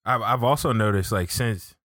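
Laid-back man telling stories, low voice. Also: normal speed, a bit bright. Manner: laid-back storytelling with many "like" fillers. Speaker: podcast co-host. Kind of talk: casual chat.

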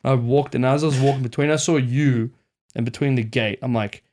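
A man's voice: medium pitch, steady tone, fairly quick, darkish tone, a little hiss or hum. A young man telling his mates a story in casual chat, swearing a lot and acting out his own panicked thoughts. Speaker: podcast host.

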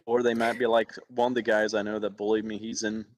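A man's voice: on the low side, flat delivery, quick pace. A man from Alabama, an actor, telling personal stories in a casual interview. He laughs often and acts out other people's voices.

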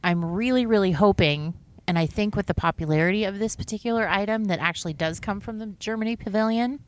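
A woman's voice: mid-range voice, fast. A middle-aged woman co-hosting a podcast, chatting casually and passing on practical tips with a knowing, friendly manner. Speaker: podcast co-host. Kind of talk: casual chat.

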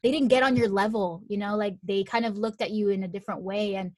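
Talking quickly at a medium pitch, a young Miami actress on as a guest recounts an emotional story from her own life, restarting sentences and saying "like" a lot. She gets more animated and excited with the retelling; the studio-quality audio has no echo.

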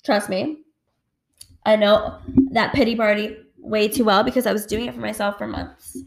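A woman's voice: mid-range voice, steady tone, normal speed, creaky. Candid, swearing woman podcaster in a roomy echo. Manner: candid, swears freely, heavy filler "like". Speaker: podcast host. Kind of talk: casual solo podcast monologue. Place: home at night.

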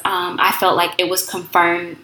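A woman's voice: lowish voice, level tone, moderate pace, bright, forceful tone. A woman in her thirties, the wife of a pastor, gives a heartfelt personal faith testimony in a conversational way while sitting on a kitchen floor at home. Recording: echoey room in a sparsely furnished home.

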